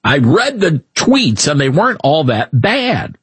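A Southern-accented man hosting talk radio, with a lively, swooping delivery and a slightly husky edge. He talks in a casual, mocking way, with a dry, close studio sound. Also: on the high side, measured pace, no echo. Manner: animated, mocking, puts on exaggerated drawls. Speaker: radio talk show host.

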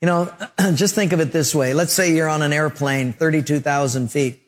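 A man's voice: fairly high pitch, steady tone, moderate pace. A male pastor preaching a sermon, telling stories and acting out quotes and sound effects. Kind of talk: radio sermon.

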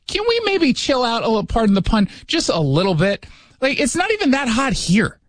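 This middle-aged studio radio host has a very high-pitched voice with huge pitch swings, a moderate pace, and no room sound. He delivers casual political commentary sarcastically, breaking into his own lines with jokes.

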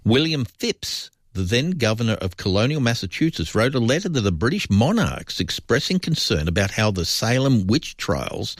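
A man's voice: medium pitch, big pitch swings, moderate pace, few pauses, dry recording, studio quality. A man co-hosting a radio show, chatty and playful, reading out trivia. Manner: chatty, playful, slips into silly voices. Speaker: radio co-host. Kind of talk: casual radio chat.

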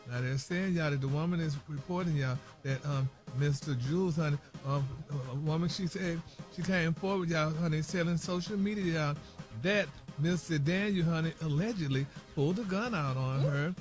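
Male radio gossip reporter, higher voice, slow and whispery, drops endearments every few words. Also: faint music behind. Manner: slow, whispery, tiptoeing delivery; sprinkles in endearments constantly. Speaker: celebrity gossip reporter on a radio morning show. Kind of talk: radio morning show gossip segment. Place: radio studio.

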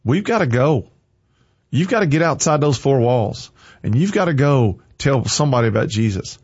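A man preaches with fervor, driving each point home through repetition. His voice is husky and sits at a middle pitch. The recording sounds dull and lo-fi. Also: unhurried. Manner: forceful, emphatic, repeating lines for stress. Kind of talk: sermon.

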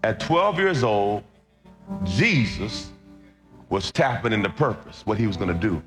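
A man's voice: fairly low pitch, lively intonation, a little slow. A man preaching a sermon, telling a humorous personal testimony and calling out to the congregation. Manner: humorous storytelling, calls out to the congregation. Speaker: pastor. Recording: roomy church sound with loud music. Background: loud instrumental music.

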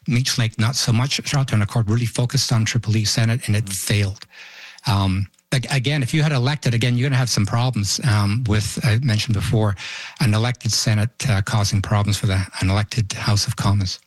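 A man, a studio guest explaining a point in a measured, explanatory way. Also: medium pitch, no echo.

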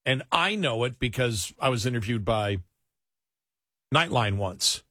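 A middle-aged man, a talk host, speaking bluntly and emphatically in casual political chat, often halting on fillers. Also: mid-range voice, lively intonation, bright, forceful tone, dry recording, clean studio sound.

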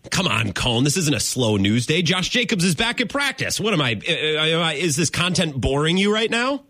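A man's voice: a little high, very animated, fairly quick, pushed and bright, no echo. A man hosting a sports talk radio show, ranting emphatically with mock exasperation. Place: radio studio.

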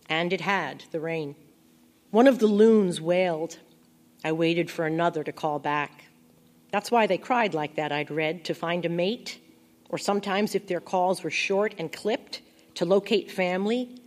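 A woman narrating a first-person audiobook in a quiet, intimate, reflective way. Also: fairly low pitch.

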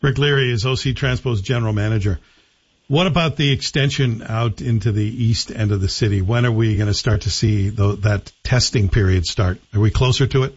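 A man's voice: on the low side, brisk, husky, muffled recording. A man hosting a news interview, asking direct questions. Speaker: radio host.

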